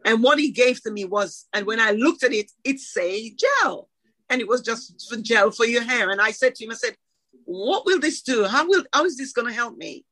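A woman's voice: fairly high pitch, normal speed, poor audio. A middle-aged woman who owns a shop, telling her story in an interview and acting out the conversations. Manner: animated, acts out dialogue. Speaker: shop owner.

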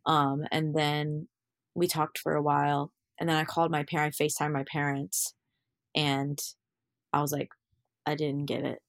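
A woman's voice: low-pitched, flat delivery, normal speed, no room sound, studio quality. A young woman, an actor, chatting candidly as a guest, full of fillers and quoting herself as she tells stories. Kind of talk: casual interview chat.

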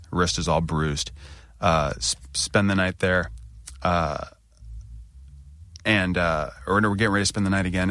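A man's voice: sits low, a bit bright, no echo, clean studio sound. A man casually telling a story on a podcast, acting out his own anxious outbursts.

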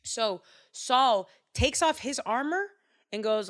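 Animated, chatty woman telling a Bible story. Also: a little high, slow pace. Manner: animated, chatty, jokey asides.

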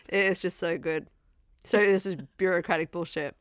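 A woman's voice: fairly low pitch, sing-song, a little slow, no room sound. Young woman, casual podcast chat, laughs often, acts out quotes, dry close mic. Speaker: podcast co-host.

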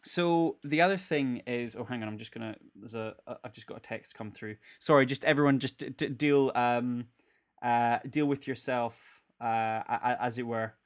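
A man's voice: medium pitch, normal speed. Rambling, chatty man. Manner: rambling, self-correcting, chatty. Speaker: podcast co-host. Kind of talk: casual chat about films.

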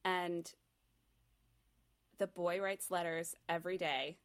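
A woman's voice: fairly low pitch, fairly even intonation, slow pace. A young woman co-hosting a casual chat, describing a movie plot in a loose, rambling way with many fillers.

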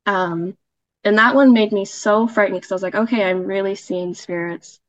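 A woman's voice: medium pitch, moderate pace. A woman casually telling a personal story as a podcast guest, chatty, with fillers and laughs.

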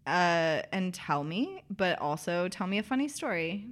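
A woman's voice: fairly low pitch, big pitch swings, unhurried. A young woman from the American South hosting a podcast, chatting casually and laughing easily. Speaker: podcast host. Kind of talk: casual chat.

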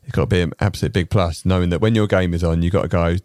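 A man's voice: low-pitched, fairly even intonation, very fast, a little mellow, no room sound, clean studio sound. A man hosting a casual golf podcast, chatty and rambling with lots of fillers. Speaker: podcast host.

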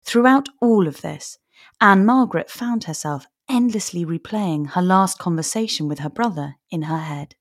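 A woman giving measured, sombre scripted narration as a podcast narrator. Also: lowish voice, animated, dry recording, studio quality. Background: soft music.

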